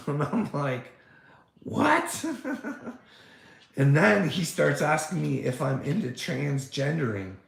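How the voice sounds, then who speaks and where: A man rambles and swears through a casual rant, laughing often between thoughts. His voice is gravelly and his delivery slow. The sound carries the echo of a bare room. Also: fairly high pitch. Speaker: podcast host.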